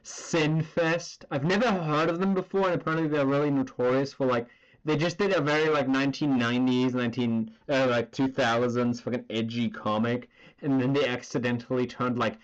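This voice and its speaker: A man streaming while he draws, chatting in a loose, rambling way full of fillers and the occasional curse. His voice sits at an ordinary middle pitch. The recording sounds a little dull and lo-fi. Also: steady tone, normal speed. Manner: rambling, filler-heavy, swearing. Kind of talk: casual chat while drawing.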